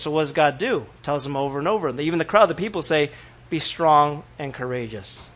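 Animated male pastor, sermon delivery, bright and slightly high-pitched, dramatic outbursts. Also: brisk. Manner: animated, acts out biblical quotes with sudden shouts.

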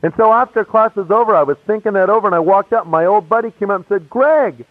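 Speaking rapid-fire in a high voice, a man tells his conversion story as a testimony. He's casual and animated, voicing every person in it, over a dry, tinny, phone-like recording.

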